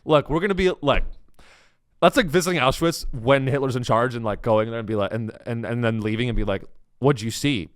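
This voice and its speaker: A man's voice: mid-range voice, brisk, no room sound, studio quality. A young man hosting a comedy podcast, riffing sarcastically on the news and acting out the people he mocks. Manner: sarcastic, rambling, acts out quoted people.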